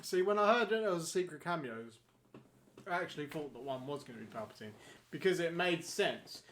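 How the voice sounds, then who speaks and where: A man's voice: fairly high pitch, expressive, a little fast, fairly bright tone, slight background noise. A man co-hosting a podcast in casual chat, enthusiastic, laughing often and swearing casually. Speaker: podcast co-host.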